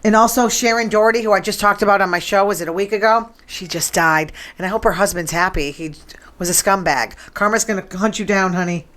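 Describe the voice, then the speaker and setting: A woman hosting a show in casual chat, sassy and quick to tease. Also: mid-range voice, a bit bright. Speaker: show host.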